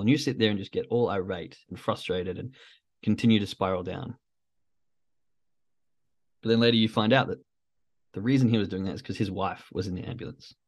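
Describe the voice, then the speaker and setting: A podcast host with a deep voice runs a casual motivational call, chatting loosely with a live chat and filling his talk with fillers. He speaks fairly quickly but leaves long pauses, acting out quoted thoughts, and the recording has no echo.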